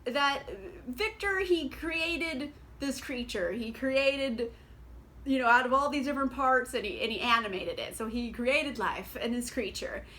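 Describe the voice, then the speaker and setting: A young adult woman casually reviewing books on her vlog, chatty and sarcastic, full of fillers and quick laughs. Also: sits high, bright, forceful tone. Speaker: book vlogger.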